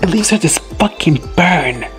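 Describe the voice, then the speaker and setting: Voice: mid-range voice, expressive, measured pace, soft background music. A host giving a casual, profane reaction recap, gushing and quoting characters in playful asides.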